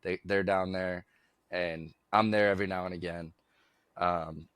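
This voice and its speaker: A man's voice: low voice, fairly even intonation, unhurried, a bit bright, smooth, no echo, clean studio sound. A middle-aged man, co-hosting a podcast, tells a rambling story in casual chat and acts out both sides of the conversation. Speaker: podcast co-host.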